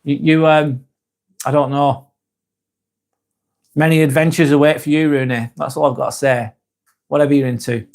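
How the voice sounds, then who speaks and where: A man's voice: fairly high pitch, fairly even intonation, normal speed, vocal fry, pauses often, darkish tone. A man in his forties with a Northern English accent, hosting a live stream and reading out chat comments, joking and rambling with frequent restarts. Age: 40s.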